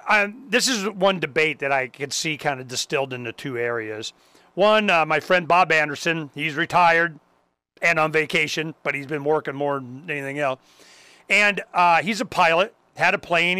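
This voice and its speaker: A man hosting a casual talk show, ranting in an animated, profane way. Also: a little high, normal speed, clean tone, dry recording. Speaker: host. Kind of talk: casual chat.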